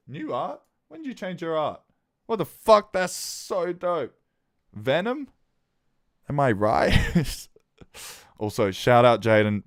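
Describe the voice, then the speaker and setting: A man hosting a casual livestream, reacting with excitement to listeners' tracks, swearing often and giving shout-outs. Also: fairly low pitch, no echo, clean studio sound.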